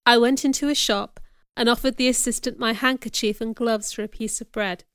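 Smooth-voiced woman reading a story. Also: a little high, steady tone, a little fast, fairly bright tone, no echo, clean studio sound. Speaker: narrator. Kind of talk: scripted audiobook narration.

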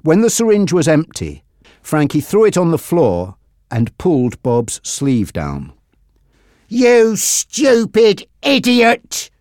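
A storybook narrator reading a tense crime tale at an unhurried pace. The delivery is deliberate, and the pitch rises and falls freely to follow the action. The sound is dry and close to the mic. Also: no room sound. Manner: deliberate, expressive. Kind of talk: slow dramatic storybook reading.

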